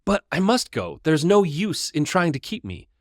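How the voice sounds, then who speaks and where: A man's voice: fairly high pitch, sing-song, moderate pace, no room sound, clean studio sound, voice pushed up. A man voicing an earnest, worried young male hobbit in a storybook retelling. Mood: pleading. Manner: earnest, pleading.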